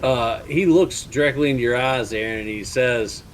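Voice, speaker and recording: A man running a tabletop horror game as game master, narrating calmly and laughing with players. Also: mid-range voice, slight background noise, rough recording. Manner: slow, relaxed storytelling with laughs.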